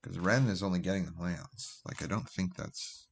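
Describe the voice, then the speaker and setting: Man, deep voice, live-stream game commentary, rambling, thinking aloud. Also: moderate pace, gravelly. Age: adult with a job. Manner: rambling, thinks aloud with fillers and trailing asides. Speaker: streamer playing a card game.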